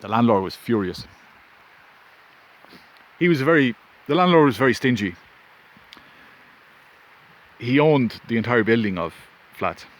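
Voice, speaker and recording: Speaking a little slowly with long pauses, a male vlogger relays a rambling story about himself outside, interrupting his own train of thought. His mid-range voice is expressive. Faint wind and surrounding ambience come through on the phone recording.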